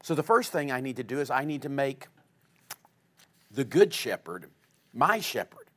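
A male pastor preaching a sermon to his congregation, with a dynamic delivery that swings from loud emphasis to quiet, low asides. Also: very animated, normal speed.

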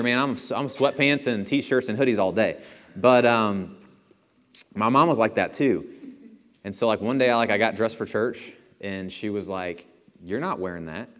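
Chatty young man preaching in a reverberant hall. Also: lowish voice. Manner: chatty and self-deprecating, chuckles often. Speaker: church speaker. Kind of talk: casual sermon with stories. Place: church auditorium.

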